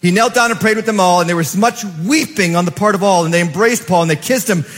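A man's voice: fast, faint music behind. Male pastor preaching in a reverberant church. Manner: swings from loud emphatic peaks to soft low asides; preaches with repeated rhetorical questions to the congregation. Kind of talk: sermon. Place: church sanctuary. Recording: long hall reverb.

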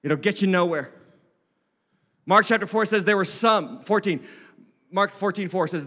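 A man preaching a sermon as lead pastor, emphatic and animated, slipping into mocking voices of doubters. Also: sits high, moderate pace, long pauses, in a large hall. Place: church sanctuary.

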